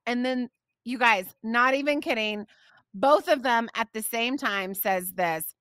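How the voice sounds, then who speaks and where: A woman tells a family story to her podcast listeners, gushing and laughing often. Her voice is bright and a bit high, and it swings widely in pitch. The sound is dry and close. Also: expressive, takes it slowly, dry recording. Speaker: podcast host.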